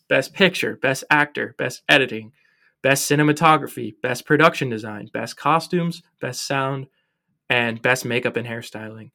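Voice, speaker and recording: Young male co-host, bright edgy voice, animated and jokey, casual chat. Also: mid-range voice. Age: young adult. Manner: animated, joking, lots of fillers. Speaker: podcast co-host. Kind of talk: casual film review chat.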